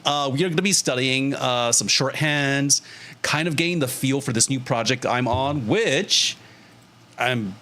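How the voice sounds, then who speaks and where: A young man with a mid-range voice talks straight to his chat from his desk mic. He is animated and jokey, laughing often and tossing in casual swears. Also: medium pitch, a little slow. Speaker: streamer. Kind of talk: casual livestream chat to viewers.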